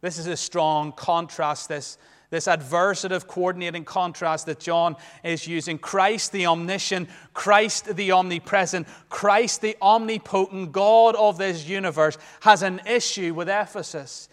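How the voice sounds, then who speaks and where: Preacher guy with a highish voice, big loud lines then soft ones, lots of echo trailing off in the church. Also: fairly even intonation, measured pace. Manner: emphatic, swings between loud declarations and hushed asides. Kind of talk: sermon. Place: church sanctuary. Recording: long reverb of a large church.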